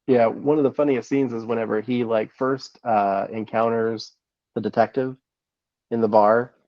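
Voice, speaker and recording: A man's voice: mid-range voice, fairly even intonation, normal speed, dry recording, muffled recording. A man co-hosting a casual movie-review podcast, laid-back and enthusiastic, dropping "dude" and "man" as he talks. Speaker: podcast co-host.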